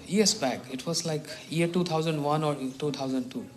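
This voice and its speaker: A middle-aged man from India, a monk telling stories in a morning talk who chuckles often and clears his throat. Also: a little high, normal speed, a crowd in the background. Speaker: monk teacher.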